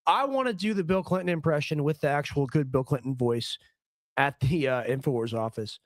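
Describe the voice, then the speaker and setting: A man hosting a casual political commentary stream, joking and rambling, his voice a little hoarse. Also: fairly high pitch, a little fast, no room sound. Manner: joking, rambling, does comic impressions. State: slightly hoarse. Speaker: stream host.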